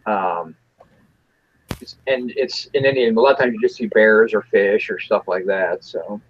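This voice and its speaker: A man hosting a casual chat show, talking in a relaxed, joking way and often restarting his sentences. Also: lowish voice, unhurried, husky, dull audio. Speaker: podcast host.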